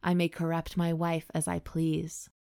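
Low-voiced woman reading aloud deadpan. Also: a little slow, vocal fry, dry recording, clean studio sound. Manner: deadpan reading broken by laughing asides. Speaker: podcast host reading erotica aloud. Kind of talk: dramatic reading with comic banter.

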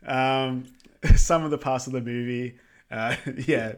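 A man co-hosting a podcast, summarizing a film in a relaxed way with frequent ums. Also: medium pitch, unhurried, clear, resonant tone. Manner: relaxed, filler-heavy with lots of ums. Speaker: podcast co-host. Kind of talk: casual film recap chat.

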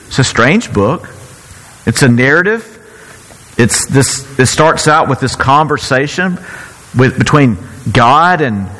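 A man's voice: medium pitch, a bit bright, big-room sound, rough recording. A man preaching a sermon in a conversational style, often restarting his phrases as he goes. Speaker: pastor.

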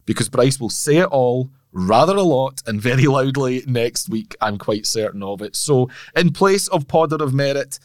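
A man's voice: mid-range voice, animated, moderate pace, hardly any pauses, dry recording, studio quality. A man co-hosting a podcast in casual chat, chatty and wry, laughing often. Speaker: podcast co-host.

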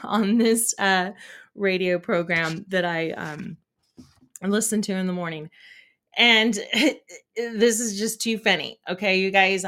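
A woman's voice: medium pitch, fairly bright tone. A woman live streaming, chatting casually and greeting her viewers by name.

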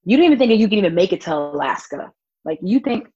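In a fast, husky, mid-range voice, a young woman guest, a volunteer child advocate, shares stories in a casual interview, animatedly acting out quotes and laughing. The recording sounds dry and muffled.

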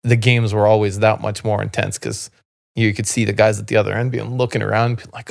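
A man from Canada with a lowish, gravelly voice rambles through a long story on a podcast. His talk is loose and full of fillers and restarts. The recording is close and dry, with no room sound. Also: level tone, a little fast, a little mellow, dry recording. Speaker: podcast guest, former basketball player. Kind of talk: casual storytelling conversation.

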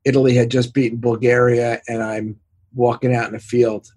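A man in his sixties, a sports executive, telling animated anecdotes in a casual interview, acting out the voices of the people he quotes and laughing often. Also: medium pitch, normal speed, breathy edge, dry recording. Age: 60s.

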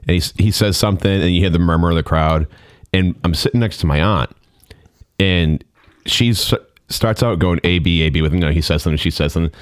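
Deep-voiced young man telling a story. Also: fairly quick, clear, resonant tone, no room sound, clean studio sound. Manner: animated storyteller, breaks into laughter. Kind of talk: casual storytelling chat.

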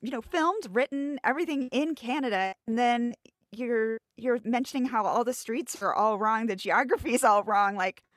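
A woman co-hosting a podcast, talking casually in a halting, hesitant way. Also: fairly high pitch, no room sound, clean studio sound. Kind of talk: casual chat.

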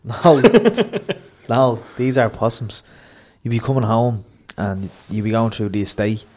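A man's voice: on the low side, fairly even intonation, unhurried, darkish tone. Man telling rambling anecdotes. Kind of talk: casual chat. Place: hotel room, live podcast.

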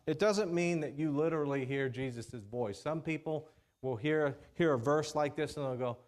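Man, preacher, sermon, slightly high voice, conversational, keeps asking "okay?". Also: darkish tone. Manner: conversational, checks in with "okay?" and "all right?"; reads scripture slowly in King James wording.

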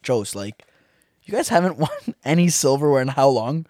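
A man's voice: medium pitch, expressive, normal speed, a little mellow, no room sound, clean studio sound. A young man co-hosting a casual soccer podcast, teasing and blunt, swearing casually. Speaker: podcast co-host. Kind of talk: casual sports chat.

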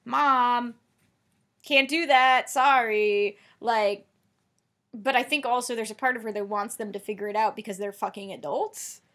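A woman's voice: mid-range voice, brisk. A woman co-hosting a podcast, casually recapping a TV episode and acting out quotes. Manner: animated, laughs easily, acts out quotes. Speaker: podcast co-host.

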